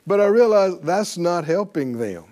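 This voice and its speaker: Folksy man preaching, mellow voice. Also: sits high, sing-song, a little slow. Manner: chatty, laughing, acts out quoted voices. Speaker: pastor teaching a faith class. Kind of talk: folksy sermon teaching.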